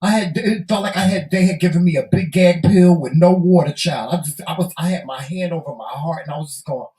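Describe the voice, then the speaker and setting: A man's voice: a little high, fairly quick. A man co-hosting a talk show, chatting expressively and laughing along. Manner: expressive, laughing, says "child". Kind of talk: casual chat. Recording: echoey room.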